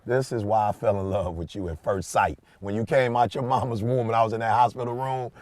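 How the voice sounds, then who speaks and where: A man in his forties, a podcast host, telling a story in a casual chat, animated and swinging between hushed asides and loud bursts. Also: fairly low pitch, fairly quick, dry recording.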